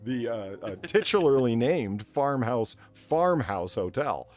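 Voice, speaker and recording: A man hosts a comedy news chat, reading the stories in a mock-formal tone. He keeps breaking into giggles and tripping over words, with a lively, swooping delivery. Faint music plays behind him. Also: mid-range voice, slow. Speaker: podcast co-host.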